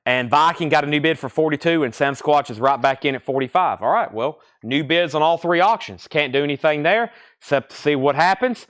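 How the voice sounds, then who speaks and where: A young man hosting a live record sale stream, briskly calling out titles and prices, repeating them, with chatty asides to viewers. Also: a little high, lively intonation, fairly bright tone, no room sound, studio quality. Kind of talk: live sales patter.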